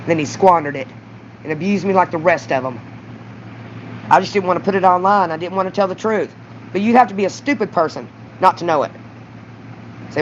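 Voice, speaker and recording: A middle-aged Mississippi woman with a Southern accent vlogs a raw confessional monologue to camera, blunt, profane and rambling, her lowish voice sometimes rising. She talks a little fast, and the dull lo-fi recording carries slight hiss or hum.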